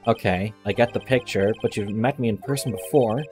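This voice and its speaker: A man's voice: fairly low pitch, brisk, a little mellow, faint music behind, natural voice. A man reading Phoenix Wright, a wry young lawyer. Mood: dry. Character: young male defense lawyer, flustered and wry.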